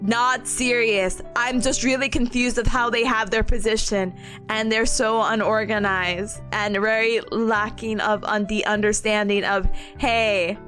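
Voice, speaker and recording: A woman's voice: on the high side, measured pace, faint music behind. A woman in her twenties chatting on a stream, telling a story with lots of laughter and acting out what people said. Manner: animated storytelling, acts out quoted voices, laughs often. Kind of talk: casual chat stream.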